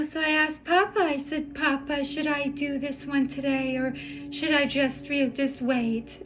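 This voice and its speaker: A tired woman sharing her personal story in a heartfelt vlog, halting and emotional, with many fillers and restarts. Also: high voice, rough recording. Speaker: spiritual vlogger. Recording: music playing in the background.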